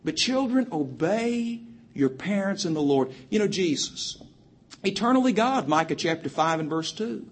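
A man with a high, sing-song, husky voice preaches a sermon to young people. He emphatically cites chapter and verse in rapid succession and quotes scripture in old-fashioned King James wording.

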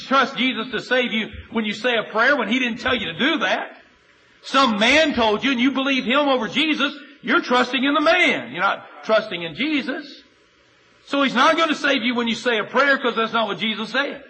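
Male preacher, high and bright, earnest and emphatic, swings from loud urging to hushed appeal, lists scripture references, faint noise behind. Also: rough recording. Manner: cites chapter and verse in steady lists. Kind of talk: sermon.

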